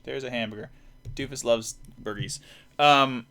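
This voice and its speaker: A man's voice: mid-range voice, normal speed, sharp tone, a little hiss or hum. A man hosting a live stream, chatting casually and rambling while he draws, often restarting himself. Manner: rambling, self-deprecating, many restarts. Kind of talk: casual chat while drawing.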